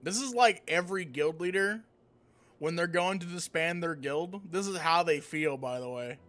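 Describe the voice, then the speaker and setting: A man reacting to a video game on stream, cursing and shouting in outrage. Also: a little high, moderate pace. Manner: loud, profane, outraged outbursts. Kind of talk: blind reaction commentary. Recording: game music behind.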